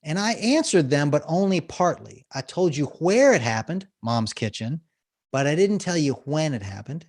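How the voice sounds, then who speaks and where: A man, a storytelling coach, explaining techniques and telling an example story on a podcast interview, animated and laughing often. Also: a little high, normal speed. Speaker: guest, business storytelling coach.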